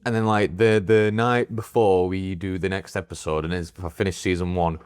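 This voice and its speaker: Man, low voice, podcast co-host, casual chat, rambling, filler-heavy. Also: steady tone, normal speed, a little mellow, clean tone.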